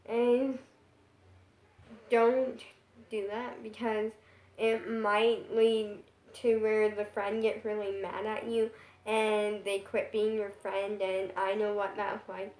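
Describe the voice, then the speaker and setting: A woman's voice: mid-range voice, level tone, takes it slowly, a little mellow. A young girl telling a rambling personal story in a casual vlog, full of "like" fillers. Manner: rambling, filler-heavy with constant "like". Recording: echoey room.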